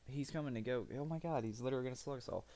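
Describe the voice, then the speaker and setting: A man's voice: medium pitch, very fast, mellow. A man streaming live, rambling through profane, self-mocking commentary as he plays.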